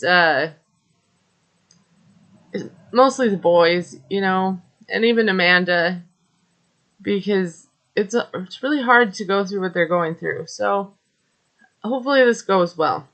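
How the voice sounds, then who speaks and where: A woman's voice: mid-range voice, sharp tone. A woman recapping a reality TV episode in a chatty, gossipy way, with many fillers and wry asides. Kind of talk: casual recap commentary.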